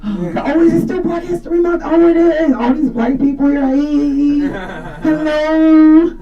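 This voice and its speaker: Brash high-voiced woman comic. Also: a little slow, lo-fi sound. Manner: brash, profane, storytelling. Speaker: stand-up comedian. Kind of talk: stand-up comedy set. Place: live studio show in a garage. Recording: distant stage mic, loud audience.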